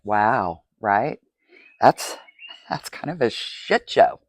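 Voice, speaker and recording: Slow, candid woman speaking. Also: very deep voice, expressive, no room sound. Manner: candid, tearful, asks rhetorical "right?". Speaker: podcast host. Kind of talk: confessional monologue.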